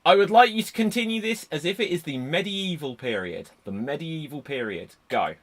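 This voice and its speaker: A man hosting a live improv comedy show over a video call, shouting freeze and calling out each new scene style. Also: a little high, fairly quick. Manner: shouts "Freeze!" then gives loud, lively instructions. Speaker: improv host. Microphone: computer mic on a video call.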